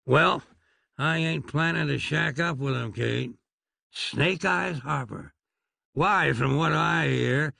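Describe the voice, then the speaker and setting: Man voicing a wry drawling Western gunslinger dentist, raised pitch and gravelly texture, audiobook read. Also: pushed and bright, no room sound, full character voice. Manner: wry, unhurried and folksy.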